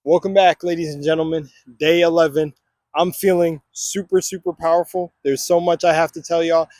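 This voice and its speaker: A young man, pitched a little high, talks energetically into his phone about affirmations and belief. His voice has a mellow, dark warmth, and the sound is close and dry. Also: normal speed, no echo. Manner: energetic, preachy, chanting affirmations. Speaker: vlogger. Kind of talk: casual motivational vlog with affirmations. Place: outdoors on a walk. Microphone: phone camera.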